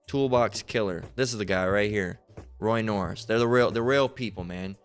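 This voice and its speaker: A man's voice: on the low side, moderate pace, clean tone, soft background music. A man preaching in an online sermon video in a rambling, profane way, full of repeated fillers and restarts.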